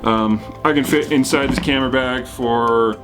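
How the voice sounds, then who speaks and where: A man's voice: medium pitch, fairly even intonation, normal speed, music in the background. A man hosting a casual question-and-answer video, rambling and friendly, with plenty of fillers and restarts as he answers viewers. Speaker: whitewater kayaking channel host. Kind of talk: casual Q&A, reading viewer comments.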